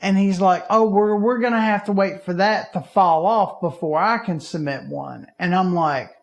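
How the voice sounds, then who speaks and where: A man's voice: high-pitched, moderate pace, vocal fry. A man, co-hosting a podcast and telling a story in casual chat, acting out the people he quotes. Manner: animated, acts out quoted people in raised voices. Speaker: podcast co-host.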